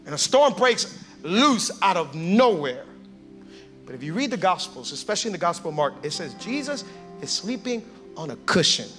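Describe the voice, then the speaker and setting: Man, pastor, lively sermon, high voice, faint music behind, acts out little scenes. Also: moderate pace. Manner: calls for audience response.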